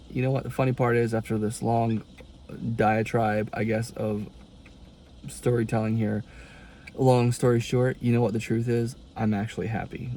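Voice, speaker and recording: A young man talks straight to the camera in a casual confession vlog, rambling and exasperated, with folksy turns of phrase. His voice is gravelly with plenty of fry, and a faint ambient hiss sits behind it. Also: mid-range voice, mellow. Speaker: college student vlogger.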